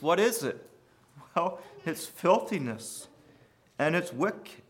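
Earnest pastor with a bright voice. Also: male voice, on the high side, lively intonation, slow. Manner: earnest preaching with sudden rises and quiet drops; repeats key phrases for emphasis. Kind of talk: sermon.

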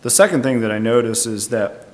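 Thoughtful preacher in a reverberant hall. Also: male voice, mid-range voice, lively intonation, a little fast, a little mellow. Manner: thoughtful, tentative, explaining verse by verse. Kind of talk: Bible teaching sermon. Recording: long reverb.

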